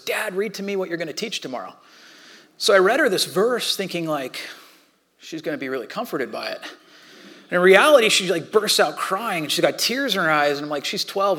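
A man in his thirties or forties preaching a sermon with animated storytelling, sometimes dropping to a soft near-whisper. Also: a little high. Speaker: pastor.

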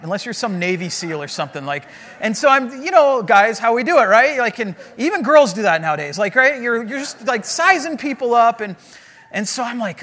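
Pastor, male, high-pitched voice, animated and conversational storytelling sermon. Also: brisk.

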